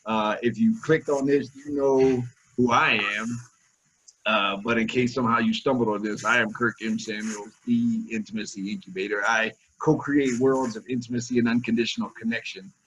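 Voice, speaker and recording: A man's voice: mid-range voice, fairly even intonation, moderate pace, fairly bright tone, husky, rough recording. A man hosting a casual webinar interview over a video call, upbeat and slangy, calling his guest "man" again and again. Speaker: webinar host.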